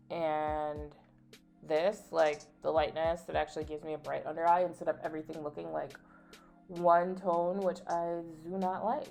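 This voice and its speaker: A young adult woman vlogging a casual get-ready-with-me chat, candid and full of "like", telling stories with playful indignation. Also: lowish voice. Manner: chatty and candid, peppered with "like". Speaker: beauty vlogger.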